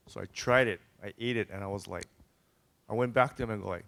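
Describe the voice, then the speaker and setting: A man's voice: lowish voice, moderate pace, creaky, long pauses, fairly bright tone, slight background noise. A man telling chatty anecdotes as a panelist at an event. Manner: chatty anecdotes with quoted dialogue. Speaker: panelist, former farm bureau president. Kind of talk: casual storytelling on a panel.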